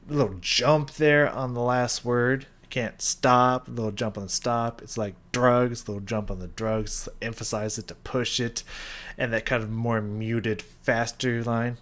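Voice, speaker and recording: A man's voice: mid-range voice, fairly bright tone. Rambling man scatting beats aloud. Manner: rambling, filler-heavy, scats rhythms aloud. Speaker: music reaction host. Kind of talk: casual music commentary.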